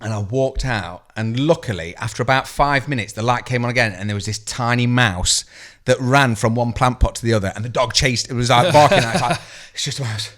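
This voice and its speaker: A man co-hosting a podcast, telling scary stories in animated casual chat, swearing freely and acting out voices. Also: medium pitch, a little fast, hardly any pauses. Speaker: podcast co-host.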